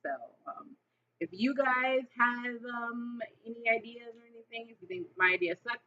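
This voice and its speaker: A woman vlogger telling a wrestling storyline in a casual, excited, rambling way with lots of fillers. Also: a little high, normal speed, highs cut off.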